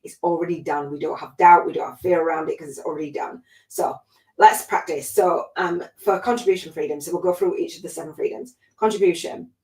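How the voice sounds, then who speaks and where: A woman's voice: on the low side, steady tone, fairly quick, a little mellow, roomy sound. A woman spiritual life coach hosting a livestream, talking in a gushing, emotional way, laughing often and close to tears. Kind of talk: emotional motivational livestream talk.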